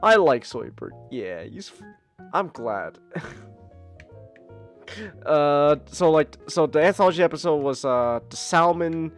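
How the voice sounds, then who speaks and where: A woman's voice: deep voice, lively intonation, a little slow, long pauses, faint music behind. A woman co-hosting a podcast in casual chat, flustered and defensive, stumbling over many restarts. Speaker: podcast co-host.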